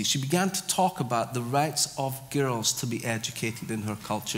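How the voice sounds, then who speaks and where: A man's voice: medium pitch, fairly bright tone. A man preaching a sermon in a church, conversational, acting out little scenes and getting the congregation to repeat phrases. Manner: conversational, with acted-out asides and crowd call-and-response. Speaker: pastor. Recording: echoey church hall.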